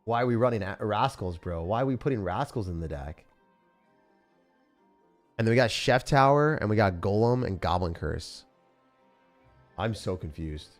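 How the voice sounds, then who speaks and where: Excitable young man streaming gameplay. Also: on the low side, normal speed. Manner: excitable, swings to loud outbursts and laughter. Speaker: streamer playing and rating decks. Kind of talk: live gameplay commentary. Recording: faint music behind.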